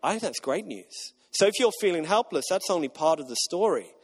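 A man's voice: fairly high pitch, lively intonation, fairly quick, slightly rough. A man preaching a sermon as pastor, emphatic and repetitive, getting the congregation to repeat lines back. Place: church auditorium. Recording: long reverb of a large hall.

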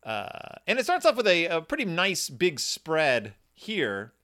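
A man's voice: fairly high pitch, wildly swooping pitch, measured pace, pushed and bright. A man hosting a podcast and chatting casually about a children's book in a playful, jokey way. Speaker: podcast host.

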